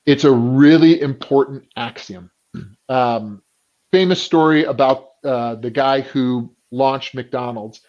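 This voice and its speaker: A man talking as a business coach in a casual podcast conversation, acting out the people he quotes and often clearing his throat. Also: medium pitch, slow, lo-fi sound. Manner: animated storyteller who acts out quoted people.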